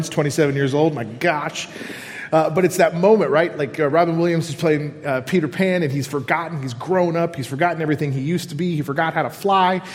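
A man preaching a sermon, swinging from loud excitement down to hushed, whispered lines. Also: on the high side. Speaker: pastor. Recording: long hall reverb.

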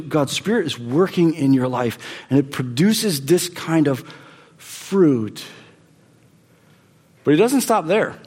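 Emphatic pastor in a reverberant hall. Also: male voice, on the high side. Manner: emphatic, repeats phrases, swings from loud to hushed. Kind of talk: sermon.

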